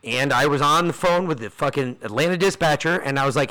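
Bright-voiced man telling a heated story. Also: fairly high pitch, fast, few pauses. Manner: profane, fired-up storyteller acting out quoted people. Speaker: podcast co-host. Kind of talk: casual storytelling chat.

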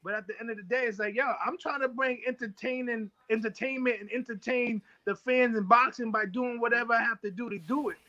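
A boxer in his thirties telling stories in a casual interview, animated and acting out other people's lines. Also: extremely high pitch, fairly quick, few pauses, highs cut off.

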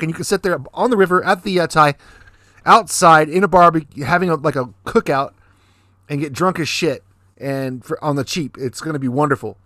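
A man with a fairly high voice tells laid-back stories on a casual podcast, swearing freely and rambling. The sound is close and dry with no room echo. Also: pushed and bright. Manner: laid-back storyteller, profane. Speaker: podcast co-host. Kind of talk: casual chat. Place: Fukuoka, Japan.

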